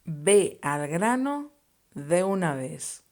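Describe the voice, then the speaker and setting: A woman teaching phrases, explaining each one slowly and with care. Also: lowish voice, big pitch swings, darkish tone. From Spain. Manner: slow and deliberate, explaining phrases and conjugations. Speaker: Spanish teacher. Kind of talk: scripted language lesson.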